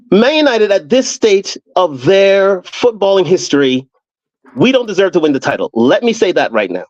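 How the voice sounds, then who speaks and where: A man's voice: sits high, no room sound, highs cut off. A man on a football podcast panel, talking in an emphatic, fired-up way and often repeating words. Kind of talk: casual chat.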